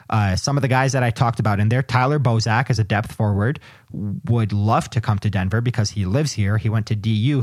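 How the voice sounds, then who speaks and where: A man's voice: fairly low pitch, no echo, studio quality. Emphatic male sports podcast co-host. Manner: emphatic, argumentative. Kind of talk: casual sports podcast chat.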